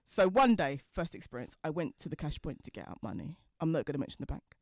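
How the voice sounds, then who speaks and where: Fast-talking woman. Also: sits low, no room sound, studio quality. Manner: fast-talking, lively, laughs as she tells stories. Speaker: guest, designer. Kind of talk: animated storytelling in conversation.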